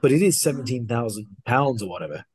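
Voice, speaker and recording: A man, a podcast guest, casually telling a story and acting out the dialogue in an animated way. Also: mid-range voice, fast, slightly rough, no room sound. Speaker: guest watch collector.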